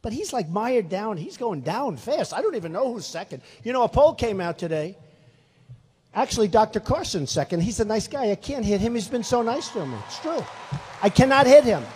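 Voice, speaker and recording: Older guy in his 60s doing a rambly rally speech, pretty high voice, lots of repeating, echoey big hall. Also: very animated, brisk, warm tone, breathy edge. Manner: rambling, repetitive, emphatic. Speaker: political candidate. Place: large venue. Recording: reverberant hall.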